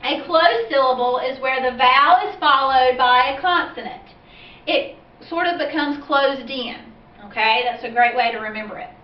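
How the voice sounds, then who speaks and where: With a high-pitched voice, a woman teaches phonics to parents and children, patiently taking her time and asking questions throughout. The sound is echoey and dull, as though she's far from the microphone.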